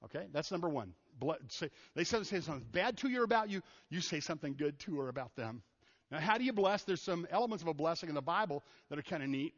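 A man's voice: fairly high pitch, fast talker. Casual preaching man in echoey hall. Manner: casual, animated, acts out quoted people. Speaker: pastor. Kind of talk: conversational sermon. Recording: muffled sound in a reverberant hall.

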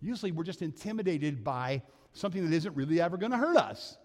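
A man's voice: fairly high pitch, expressive, quick pace. An older man preaching a sermon as pastor, telling earnest, folksy stories from his own life. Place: church sanctuary. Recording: long church hall reverb.

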